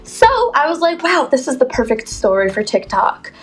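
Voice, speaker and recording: A young woman in her twenties telling a storytime to camera, animated and blunt, swearing freely. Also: high-pitched, moderate pace. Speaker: TikTok storyteller. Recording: music bed underneath.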